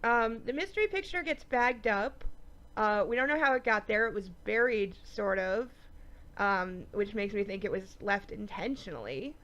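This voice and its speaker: A woman with a stuffy nose giving a chatty, animated review of a TV episode, with lots of ums. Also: medium pitch, normal speed, muffled recording. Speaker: TV show reviewer. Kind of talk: casual episode review vlog.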